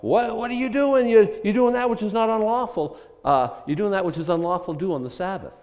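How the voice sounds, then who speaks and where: Accusing Pharisee men, put on by a preacher, sharp and scolding. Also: male voice, high-pitched, brisk, in a large hall, voice pushed up, close to an everyday voice. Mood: indignant. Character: indignant accusing male Pharisees.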